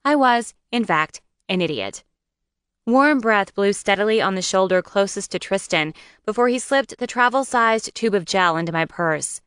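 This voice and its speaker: A woman narrating a first-person romance audiobook in a wry, lively storytelling manner. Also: mid-range voice, moderate pace, smooth, no room sound, clean studio sound.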